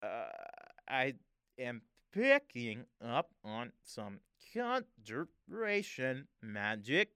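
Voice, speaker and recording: A weary wizard speaks in a calm, drawn-out way, each word unhurried, as a man voices him during a tabletop game. The voice is smooth and resonant. It sounds dry and close. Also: mid-range voice, no room sound, full character voice. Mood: grave. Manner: slow, drawn-out speech.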